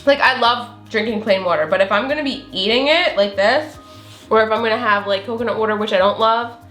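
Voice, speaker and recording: A recipe vlogger with a slight Southern accent talks fairly quickly in a high-leaning, slightly bright voice. The sound is roomy with faint music behind her, and her casual demo chatter is full of fillers and little giggles.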